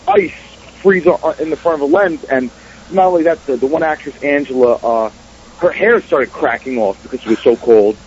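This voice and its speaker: A man's voice: on the high side, moderate pace, a little mellow, a little hiss or hum. A man with a New York-area accent telling stories as a filmmaker guest in a casual interview, profane and streetwise. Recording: dull radio audio.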